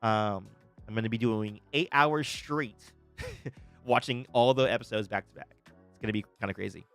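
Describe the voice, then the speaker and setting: A young man hosting a live stream, reacting to a trailer with excited, stammering restarts and frequent laughter, greeting viewers in chat. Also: lowish voice, moderate pace, soft background music. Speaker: livestream host reacting to a trailer.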